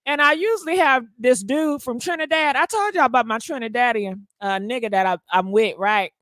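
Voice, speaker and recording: A woman's voice: a little high, fairly quick, a bit bright, dry recording, clean studio sound. A woman hosting a gossip livestream, talking sassily and directly to her viewers and calling them honey. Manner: sassy, talks straight to viewers, calls them honey. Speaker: gossip show host. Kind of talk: casual livestream gossip chat.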